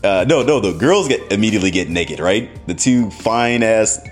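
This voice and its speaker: A man with a low voice tells a story on his podcast, his pitch swinging widely as he gets worked up. He laughs often and swears without holding back, in a loose, casual way. Faint music plays underneath. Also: expressive, normal speed. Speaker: podcast host.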